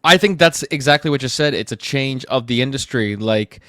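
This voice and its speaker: A man's voice: mid-range voice, a little fast, a bit bright, no echo, studio quality. A man from Canada, an actor and theatre director, speaking as a podcast guest in a reflective, casual way with plenty of fillers. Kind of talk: casual interview chat.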